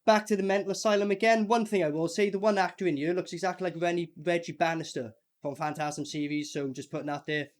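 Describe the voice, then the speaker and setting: A man's voice: high-pitched, fairly even intonation, fast, few pauses. A young man hosting a film review chat, sweary and mocking, often talking over his co-host. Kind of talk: casual chat.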